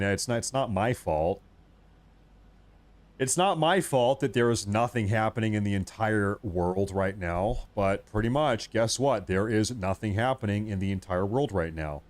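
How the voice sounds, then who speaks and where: A man hosting a live stream, talking casually and rambling, often restarting and muttering asides to himself. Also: on the low side.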